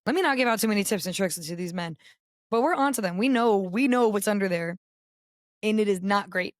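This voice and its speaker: A young woman with a raspy voice co-hosting a podcast, chatting candidly and telling stories with animation. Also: mid-range voice, animated, brisk, no room sound, studio quality. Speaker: podcast co-host. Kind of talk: casual chat.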